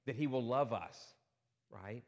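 A man's voice: medium pitch, unhurried, vocal fry, big-room sound. A man preaching a sermon as pastor, often asking his congregation rhetorical questions. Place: church sanctuary.

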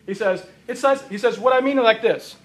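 A man preaching a sermon, emphatic and repeating phrases for stress, his voice going hoarse. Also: extremely high pitch, brisk. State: losing his voice. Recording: roomy echo of a hall.

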